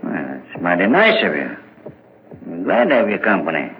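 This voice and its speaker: A calm, easygoing village constable with a folksy, reassuring manner. His pitch is very lively. The old radio sound is thin and tinny, with a faint hiss. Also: normal speed, exaggerated voice. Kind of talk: 1940s radio acting.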